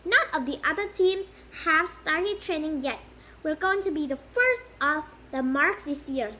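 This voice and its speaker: A burly teenage sports captain who urges others on briskly and heartily, as a woman reads him. The voice is high and bright. It is a storybook part. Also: expressive, a little hiss or hum, heavily acted. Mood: hearty.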